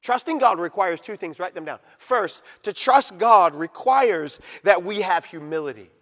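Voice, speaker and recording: A man preaching a sermon as pastor, emphatic, swinging from loud to hushed and drawing words out for stress, in a church sanctuary. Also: high-pitched, expressive, normal speed. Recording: long reverb of a large hall.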